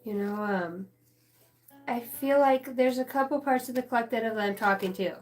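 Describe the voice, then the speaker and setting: Woman, channeled reading, rambling and profane, higher voice, soft music behind. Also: normal speed. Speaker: spiritual channeler.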